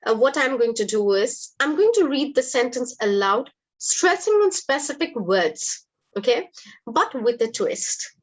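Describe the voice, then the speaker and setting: With a fairly high, very animated voice at a measured pace, an English teacher runs a live online lesson. Her approach is encouraging and patient, heard through a low-quality recording.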